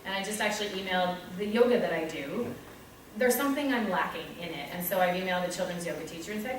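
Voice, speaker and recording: A woman teacher with a Canadian English accent talks frankly about her work, poking fun at herself. Her voice sits at a middle pitch. It is recorded from some distance in a very echoey room with faint ambience behind it. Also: lively intonation, fast, slight background noise. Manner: candid, self-deprecating, with acted-out asides. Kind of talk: reflective talk on her teaching practice.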